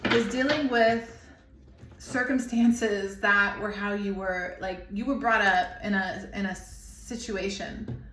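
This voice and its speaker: A woman's voice: mid-range voice, fairly even intonation, slow pace, a bit bright, a little hiss or hum. A woman in her thirties giving an intuitive tarot reading, emotional and rambling as she searches for words. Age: 30s. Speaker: tarot reader. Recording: echoey room.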